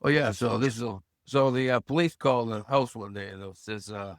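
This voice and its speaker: A man around seventy from Massachusetts, a podcast guest who tells lively stories and acts out the voices he quotes. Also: mid-range voice, brisk, no echo, studio quality. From Hull, Massachusetts. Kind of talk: casual storytelling interview.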